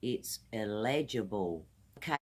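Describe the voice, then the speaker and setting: Slow-spoken British woman teaching English. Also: rumbling low, expressive, a little mellow, slightly rough. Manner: friendly, repeats words slowly for pronunciation. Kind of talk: casual video lesson. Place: outdoors.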